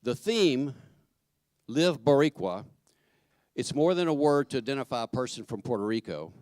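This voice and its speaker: A man giving church announcements in a chatty, joking way, halting with fillers and restarts. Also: mid-range voice, expressive, a little mellow, no room sound, studio quality. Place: church sanctuary.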